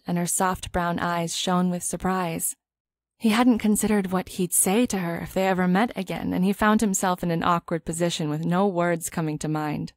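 A woman narrating a romance audiobook in a calm, even storytelling manner. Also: fairly low pitch, no room sound, studio quality. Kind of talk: scripted narration.

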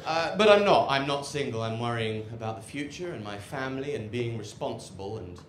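A man's voice: medium pitch, expressive, fairly quick, slight background noise. A man doing live stand-up comedy in a sardonic, rambling way, often cutting himself off. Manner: rambling, self-interrupting, sardonic. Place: rooftop comedy club. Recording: echoey live venue with loud crowd.

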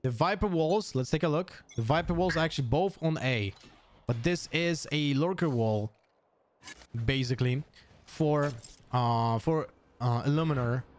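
A man with a non-native English accent doing live esports play-by-play, excitable and thinking aloud with restarts. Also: fairly high pitch, measured pace, a little hiss or hum. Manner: excitable, jumps up to shouts on kills. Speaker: esports caster.

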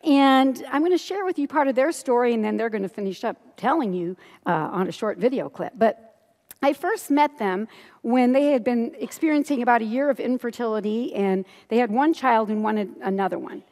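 Expressive woman preaching in a reverberant hall. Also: on the high side, moderate pace. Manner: expressive storytelling, acting out quoted lines, laughing often. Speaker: pastor. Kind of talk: sermon. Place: large church hall.

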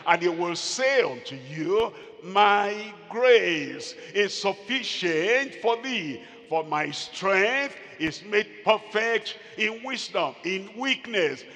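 A male pastor preaching a sermon, slow and emphatic, repeating phrases and calling out to the congregation. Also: fairly high pitch, bright, forceful tone. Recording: long hall reverb.

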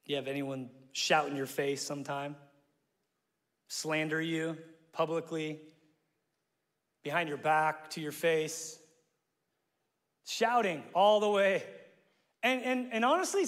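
A man from Omaha preaches from a church stage. His voice sits a bit higher than most men's, and the big room gives it a long, lingering reverb. He tells stories with playful self-mocking asides and shouts out the lines he quotes. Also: unhurried, long pauses. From Omaha, Nebraska, USA. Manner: animated storytelling, acts out quotes with sudden shouts. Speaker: pastor. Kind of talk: sermon. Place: church sanctuary. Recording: long reverb of a large hall.

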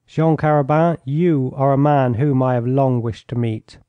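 A man's voice: mid-range voice, fairly even intonation, measured pace, dry recording, lo-fi sound, close to an everyday voice. A man reading an audiobook, voicing a proud young officer who speaks coldly and in clipped phrases. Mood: stern. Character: stern young male officer, proud and vengeful.

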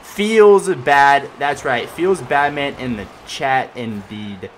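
A young man giving casual gameplay commentary as he plays, excitable and swinging between loud yelling and mumbled asides. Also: medium pitch, slow, a little hiss or hum. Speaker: gaming commentator.

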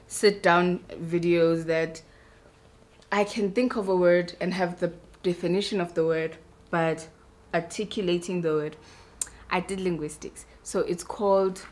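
A woman's voice: on the low side, a little slow. A young woman, a beauty vlogger chatting casually and self-mockingly while doing her makeup.

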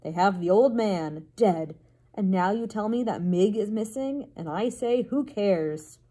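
A woman voicing a tall, sharp-tongued castle keyholder in a storybook read-aloud, with a scolding manner. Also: mid-range voice, lively intonation, measured pace. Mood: indignant.

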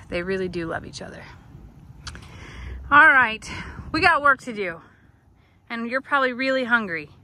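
A woman's voice: fairly high pitch, expressive, a little slow, long pauses, bright, forceful tone. A woman outdoors filming her goats in Halloween costumes, chatting casually and talking to them in affectionate baby talk. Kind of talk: casual vlog talking to animals.

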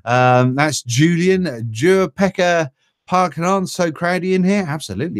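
A man's voice: on the high side, moderate pace, no room sound, studio quality. A man from Britain hosting a casual live stream, reading out viewer greetings with a chatty, jokey manner.

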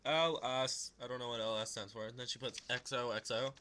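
A man's voice: mid-range voice, little pitch movement, fast talker, sharp tone. A young man casually vlogging at home, reading letters aloud in a mocking, sing-song voice. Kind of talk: casual comedic vlog.

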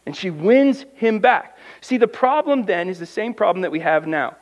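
In a church sanctuary, a pastor with a high-sitting, expressive voice preaches a conversational sermon at a moderate pace, captured on a muffled recording. He poses rhetorical questions to the congregation and acts out the voices he quotes.

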